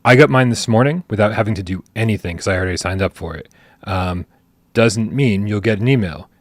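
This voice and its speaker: A man's voice: on the low side, a little fast, dry recording. A man hosting a casual livestream podcast, playful and teasing, rambling with restarts. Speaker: podcast host.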